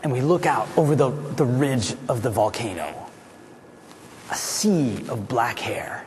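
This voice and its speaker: A man's voice: mid-range voice, measured pace, big-room sound, slight background noise. A man giving a motivational speech to an audience, telling a story and acting out the voices of the people in it. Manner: animated, acts out voices and builds to shouting. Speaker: motivational speaker.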